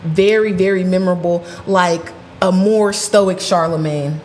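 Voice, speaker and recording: A woman co-hosting a casual podcast, telling stories in a lively, chatty way. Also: fairly low pitch, a little slow, slight background noise. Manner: chatty, animated storyteller. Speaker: podcast co-host.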